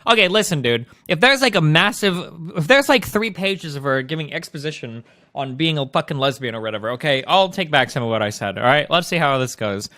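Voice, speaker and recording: A man's voice: a little high, lively intonation, fairly quick, sharp tone, no echo, studio quality. A man streaming, ranting at his chat in a profane, combative and sarcastic way. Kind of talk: ranting reaction commentary.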